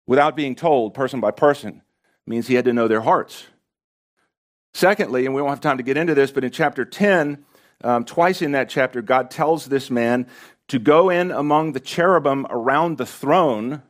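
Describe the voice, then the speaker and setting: Impassioned preacher, a man mid-sermon. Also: a little high. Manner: impassioned, pressing rhetorical questions on listeners. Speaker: pastor.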